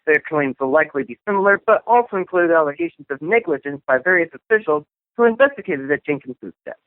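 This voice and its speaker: A man's voice: on the high side, lively intonation, fast talker, no echo. Wry man reading news on a phone line. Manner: reads news items with wry asides. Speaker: news show co-host. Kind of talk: casual news commentary. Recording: tinny phone line, dry.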